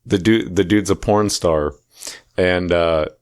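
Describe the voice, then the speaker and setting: Low-voiced, rambling male podcast co-host. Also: slow pace, clean tone, no room sound, studio quality. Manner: rambling, laughs often, acts out skits. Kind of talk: crude comedic banter.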